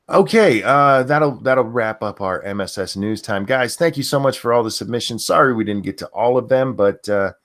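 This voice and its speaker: A low-pitched man hosts a casual livestream and reads news stories aloud. His delivery swings widely in pitch. He reacts bluntly, swearing freely. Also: a bit bright. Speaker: podcast host.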